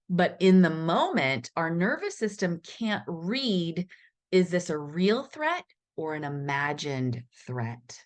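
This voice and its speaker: A woman with a fairly low voice gives a teaching talk over a video call mic. She keeps asking her listeners questions and briefly voices people's anxious inner thoughts. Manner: asks the audience questions, acts out inner voices. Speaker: webinar presenter.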